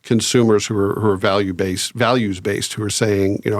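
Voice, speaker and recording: A male podcast host with a fairly low voice steers the talk with questions and keeps up a stream of "yeah" and "mm-hmm". The recording is dry and close. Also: fairly quick, no echo. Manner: steady interviewer, frequent affirming "yeah" and "mm-hmm". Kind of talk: casual podcast interview.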